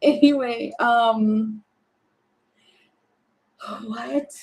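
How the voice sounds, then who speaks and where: A woman's voice: fairly high pitch, fairly even intonation, drawn-out words, a little mellow, rough recording. A woman doing a casual, spontaneous tarot reading, thinking aloud, rambling and giggling as she goes. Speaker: tarot reader.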